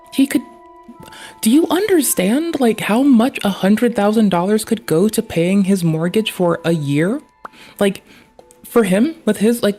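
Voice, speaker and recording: A man's voice: high-pitched, creaky, darkish tone, husky. A man streaming live, reacting to a clip with profane, ranting commentary.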